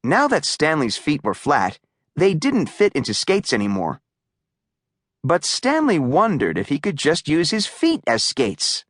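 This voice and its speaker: A woman reads a children's story aloud in an unhurried way. Her pitch moves widely and expressively, and the recording is close and dry. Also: huge pitch swings, dry recording. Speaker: audiobook narrator. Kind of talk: children's audiobook narration.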